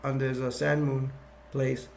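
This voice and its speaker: A man's voice: medium pitch, flat delivery, unhurried, creaky, a little hiss or hum. A man doing a pompous villain commander.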